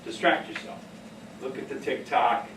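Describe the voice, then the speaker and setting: A middle-aged man giving a casual talk on behavioral care, telling stories in an animated way and laughing often. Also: medium pitch, moderate pace, background noise. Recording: echoey room from far off.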